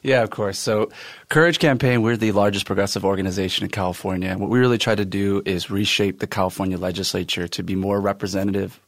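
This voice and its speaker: Low, gravelly man as an interview guest. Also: fairly even intonation, fast talker, dry recording, studio quality. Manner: earnest and explanatory. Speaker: guest, political director of an advocacy group. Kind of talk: interview answers.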